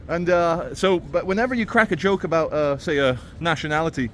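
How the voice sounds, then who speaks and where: A man's voice: on the high side, moderate pace, a little hiss or hum. A man vlogging as he walks outdoors through a city, talking in a sardonic, ranting way. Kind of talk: walking vlog commentary.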